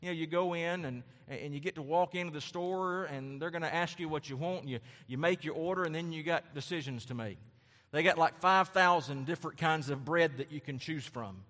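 A man's voice: fairly high pitch, brisk, a bit bright. A man preaching a sermon as pastor, emphatic and repetitive, with rhetorical questions. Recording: long hall reverb.

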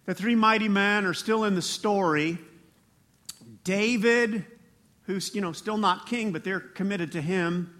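A man preaching a sermon as pastor, animated, with laughing asides and rising emphasis. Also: sits high, unhurried.

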